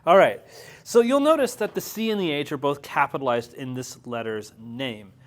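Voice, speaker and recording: A man's voice: fairly high pitch, lively intonation, normal speed. A man teaching an evening language class in a classroom, chatty and joking, laughing often. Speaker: Hebrew teacher.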